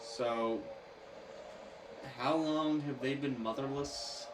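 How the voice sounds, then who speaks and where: A man's voice: mid-range voice, fairly even intonation, slow pace. A man playing a game and chatting casually with a friend, joking and rambling as he goes. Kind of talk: casual let's-play chat. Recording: echoey, distant mic, noisy background.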